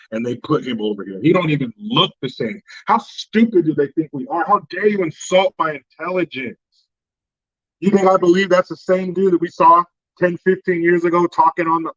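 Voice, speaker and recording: A man ranting sarcastically through a profane political monologue. His voice runs high and sharp. It is recorded dry with a slightly dull, lo-fi tone. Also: no room sound. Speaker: host.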